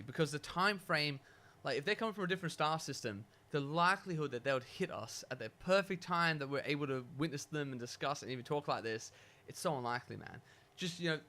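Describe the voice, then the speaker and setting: A man's voice: on the high side, bright, forceful tone. A man co-hosting a podcast in casual chat, musing aloud, asking questions and agreeing readily. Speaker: podcast co-host.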